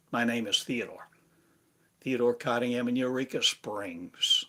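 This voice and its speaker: Slow, husky-voiced man preaching. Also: mid-range voice, sharp tone. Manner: slow, drawn-out phrases that sometimes trail into a whisper. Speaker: spiritual teacher. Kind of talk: slow meditative spiritual address.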